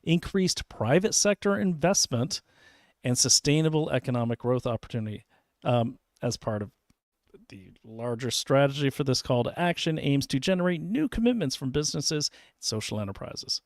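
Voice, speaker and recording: A man's voice: mid-range voice, lively intonation, moderate pace, dry recording, studio quality. A man hosting an investigative online show, reading documents aloud on a shared screen and breaking in with sarcastic asides. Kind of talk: online commentary while screen-sharing.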